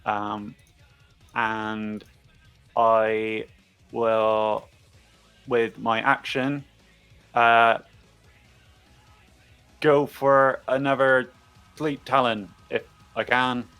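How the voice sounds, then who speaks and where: Slow-talking man describing his game move. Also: medium pitch, level tone, a bit bright, smooth, faint music behind. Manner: casual, with fillers like "like" and "uh". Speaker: player. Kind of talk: describing his character's actions in a tabletop game.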